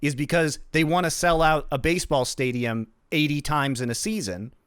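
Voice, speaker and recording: A man's voice: fairly high pitch, moderate pace, fairly bright tone, smooth, no room sound, studio quality. A man hosting an esports discussion show, emphatic and profane, launching into long explanatory rants. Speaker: podcast host.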